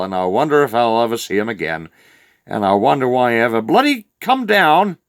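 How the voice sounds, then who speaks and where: A man's voice: mid-range voice, dry recording, clean studio sound, close to an everyday voice. A man voicing a crude, rambling old rural farmer from New Zealand with a Southland accent, telling a comic yarn in a meandering drawl full of "uh" fillers. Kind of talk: comic character monologue.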